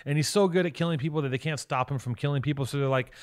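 A man co-hosting a podcast, giving a rambling, profane and excited recap of a movie in casual chat. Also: a little high, racing, few pauses. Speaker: podcast co-host.

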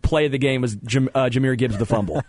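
Male sports talk host, animated and opinionated, average pitch, close dry studio mic. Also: fairly quick, dry recording. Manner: animated, opinionated, stammers on restarts. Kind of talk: sports talk radio banter. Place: radio studio.

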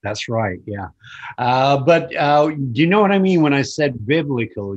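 Middle-aged northern English man, faded Lancashire accent, halting and reflective guest, lo-fi sound. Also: medium pitch, animated. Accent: Lancashire, softened by decades in America. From northern England. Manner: reflective, halting, repeats words when starting. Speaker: guest musician. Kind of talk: casual interview chat. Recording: muffled lo-fi audio.

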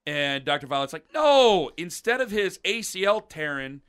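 Animated man telling a story. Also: a little high, normal speed, smooth. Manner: animated, acts out quotes of others. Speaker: podcast host. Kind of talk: casual storytelling chat.

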